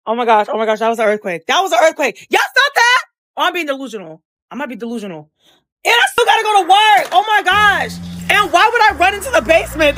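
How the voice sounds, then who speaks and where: A woman with a very high voice that swings widely in pitch, exclaiming and rambling in a reaction video. The sound is dry and close. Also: a bit bright, no room sound. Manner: exclamatory, rambling, talks to herself. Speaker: social media poster.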